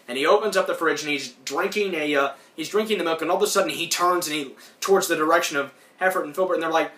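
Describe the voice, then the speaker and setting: Bright-voiced man recapping a cartoon. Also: fairly high pitch, quick pace, echoey room, distant mic. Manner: rambling, acts out lines in put-on voices. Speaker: podcast host. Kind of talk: casual recap of a cartoon episode.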